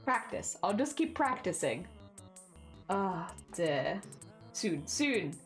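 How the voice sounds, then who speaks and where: A woman's voice: lowish voice, very animated, takes it slowly, soft background music. A British woman streaming a craft session, chatting casually with her viewers, laughing often and murmuring "oh dear" as she reads the chat. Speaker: craft livestreamer.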